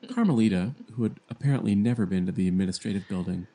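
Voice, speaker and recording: A man reads a children's novel aloud in a gentle, plain storytelling manner. His voice sits low and mellow, and he raises it for the young characters' lines. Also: huge pitch swings, a little fast. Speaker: amateur audiobook reader. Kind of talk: fan audiobook reading.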